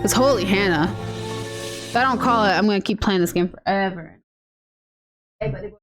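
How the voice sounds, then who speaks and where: A woman's voice: medium pitch, a little fast, music in the background. A woman streaming a game in casual commentary, chatty and cursing freely, cooing baby talk at her pets. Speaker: gaming streamer.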